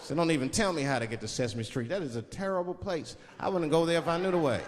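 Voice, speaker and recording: A man's voice: fairly high pitch, animated, quick pace. Profane stand-up comic man. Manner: loose, profane storytelling with act-outs. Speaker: stand-up comedian. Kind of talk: stand-up comedy set. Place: stage before a live audience. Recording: live club hall with laughing crowd.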